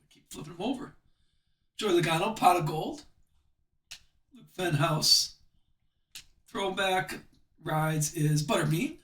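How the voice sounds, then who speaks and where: A man with a high, bright voice hosts a live card break, chatty and upbeat as he calls out each card he pulls. He sounds a bit off the mic, and the room is echoey. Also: slow pace, pauses often, distant mic. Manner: chatty, upbeat, calls out cards as he opens packs.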